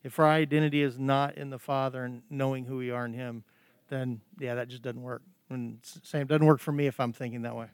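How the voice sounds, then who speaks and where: A man in a group discussion adding an earnest, halting comment. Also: medium pitch, fairly even intonation, in a large hall. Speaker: group participant.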